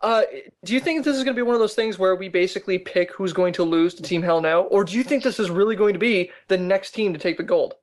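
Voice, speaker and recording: High-voiced male podcast co-host. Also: fast talker, few pauses, a little hiss or hum. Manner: laughs easily, asks the questions. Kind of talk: casual wrestling chat.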